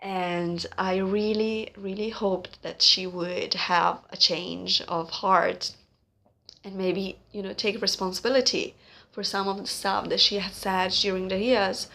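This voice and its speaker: A woman in her late twenties talking at home in an earnest, halting vlog monologue, full of pauses and fillers. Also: mid-range voice, steady tone, vocal fry, bright, forceful tone. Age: late 20s. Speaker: vlogger. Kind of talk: casual spoken monologue.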